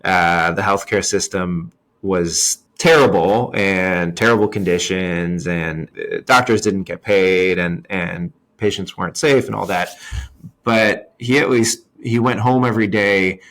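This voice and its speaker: A man hosts a podcast in a fairly low voice. He speaks in a thoughtful, friendly way, sharing his own stories and asking long, meandering questions. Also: measured pace, fairly bright tone. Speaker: podcast host. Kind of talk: casual interview conversation.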